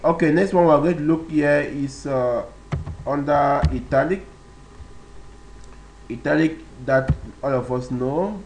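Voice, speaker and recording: A man's voice: on the high side, darkish tone, a little hiss or hum, poor audio. A man teaching web page basics in a screen-recorded tutorial, explaining step by step with many fillers and repeated phrases. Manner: slow, step-by-step, with frequent fillers and repetitions.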